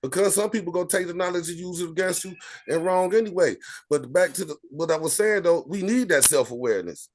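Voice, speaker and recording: A man's voice: high-pitched, quick pace, darkish tone. A man in a casual group discussion, speaking in an emphatic, rambling way. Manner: emphatic, rambling, repeats phrases. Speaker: discussion participant.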